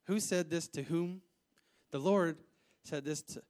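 A married man preaching a sermon, reading scripture verse by verse and commenting in an animated way that rises to emphatic outbursts. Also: on the high side, measured pace, pauses often. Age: adult, married with children. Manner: animated, rising to emphatic outbursts, acts out voices.

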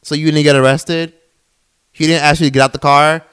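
A man hosting a commentary channel, delivering an angry, profane reaction rant that flares into yelling and mocks the people he quotes. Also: a little high, level tone, a little fast, clear, resonant tone. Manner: heated, profane, swings into yelling; mocks others in quoted put-on voices.

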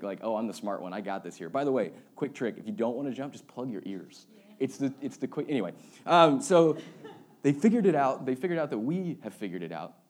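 A man's voice: mid-range voice, a little mellow. Casual joking young male pastor. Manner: casual, storytelling, joking with the congregation. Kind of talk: conversational sermon.

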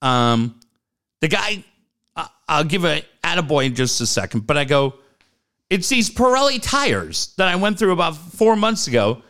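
Middle-aged man, a fired-up profane storyteller, fairly high and very animated. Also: normal speed. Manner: ranting, swears constantly, acts out other people's lines. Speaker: co-host telling a story.

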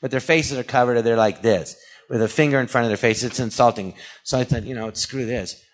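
A man's voice: mid-range voice, brisk. A man from California, a guest actor and comedian, rambling through a story in a casual interview, acting out quoted dialogue and dropping sarcastic asides. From California, USA.

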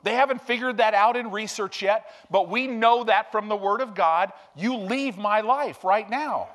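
A male preacher giving an emphatic, animated sermon that swings from hushed to loud. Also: high-pitched, moderate pace.

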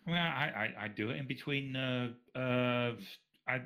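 A man talks as a podcast guest in a gravelly voice with a bright, forceful edge. He is halting and exasperated, often restarting his sentences. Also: medium pitch. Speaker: site moderator guest. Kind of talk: casual podcast chat.

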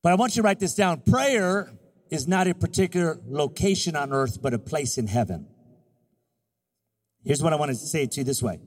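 A man preaching a sermon as pastor, moving from quiet, confiding talk to loud call-and-response exhortation. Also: expressive, normal speed, in a large hall. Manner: soft, low, confiding in personal stretches.

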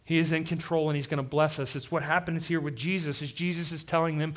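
A pastor delivers a sermon in a slightly high-pitched voice. He talks in a direct, engaged way, pushes hard on key points, then drops low and quiet to drive them home. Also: steady tone, fast talker, few pauses. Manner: dynamic preaching, drops to quiet emphasis.

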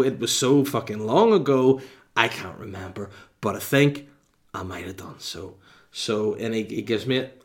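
A man telling a casual, profane, exasperated comic story as a vlogger. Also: on the low side. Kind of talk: casual ranting anecdote.

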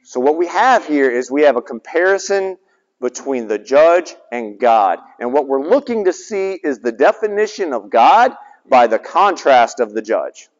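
Speaking at a moderate pace in a mid-range voice, this pastor tells lively family stories during his sermon, acting out the conversations and asking rhetorical questions. The recording sounds dull, with the echo of a large hall.

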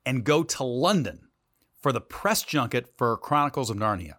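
A middle-aged man, a TV news anchor, telling a story from his career in an animated interview voice that swings between loud and quiet. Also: medium pitch, moderate pace, dry recording.

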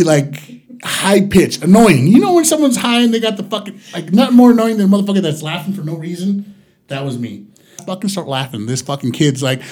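Profane, rambling young man telling a story. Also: high voice. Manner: profane, rambling, acts out quotes loudly. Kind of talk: casual storytelling.

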